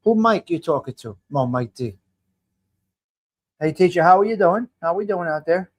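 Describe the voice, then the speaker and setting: A man's voice: sits high, animated, normal speed. A man in his fifties hosting a casual live stream, greeting viewers by name and rambling as he restarts his sentences. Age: 50s. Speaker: livestream host. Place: home.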